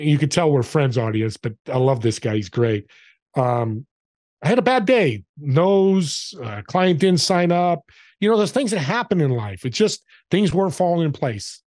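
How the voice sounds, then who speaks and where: A man's voice: on the high side, darkish tone, no echo, studio quality. A man guesting on a podcast, telling stories in an upbeat, motivational way. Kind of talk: casual interview chat.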